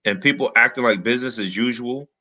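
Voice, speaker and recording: A man's voice: medium pitch, fast talker, sharp tone. A middle-aged man from the American South in casual sports chat, emphatic and opinionated. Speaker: sports talk co-host.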